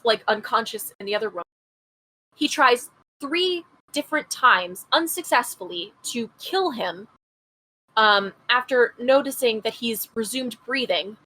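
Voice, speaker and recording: A woman's voice: fairly high pitch, fairly bright tone. A woman co-hosting a podcast, reading a true-crime case from her notes in a casual way, tripping over place names and adding blunt comments. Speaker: podcast co-host.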